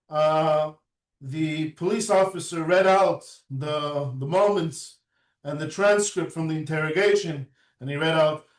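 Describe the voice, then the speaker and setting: A man giving a recorded lecture, unhurried, who often adds a questioning "right?" and pauses on "uh". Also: fairly high pitch, reverberant, distant mic.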